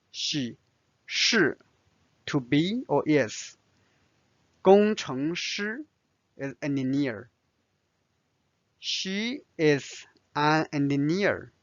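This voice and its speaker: A man whose first language is Chinese, teaching a language lesson with slow, careful explanations and many fillers. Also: mid-range voice, fairly bright tone, no echo, lo-fi sound.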